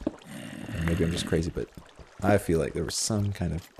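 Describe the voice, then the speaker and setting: A man's voice: deep voice, steady tone, moderate pace, creaky, noisy background. A man hosting a Minecraft video, telling a rambling story in casual chat while he plays, full of fillers and self-deprecating asides.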